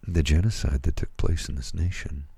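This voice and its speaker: A tired man from Canada, talking slowly and haltingly at home at night in a soft ASMR manner, with many fillers and restarts. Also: very deep voice, creaky, slightly rough, dry recording. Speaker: ASMR channel host. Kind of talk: soft-spoken ASMR personal talk.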